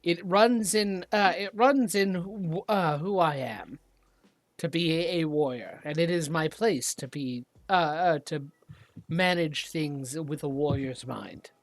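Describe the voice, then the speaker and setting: A game master voicing Dorbo, a proud male deep gnome warrior leader who speaks sternly, with hesitant fillers, on a dry close mic. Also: takes it slowly, dry recording.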